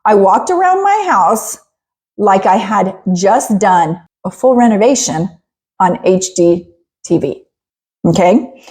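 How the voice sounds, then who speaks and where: A middle-aged woman hosting a podcast in a casual, chatty monologue, animated and laughing often. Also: medium pitch, slow pace. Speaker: podcast host.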